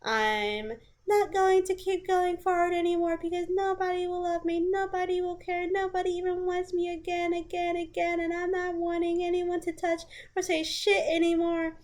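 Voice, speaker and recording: A woman's voice: extremely high pitch, steady tone, moderate pace, few pauses, a little mellow, voice pushed up. A woman mimicking a clingy, self-pitying young man, whiny and pleading. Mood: despairing.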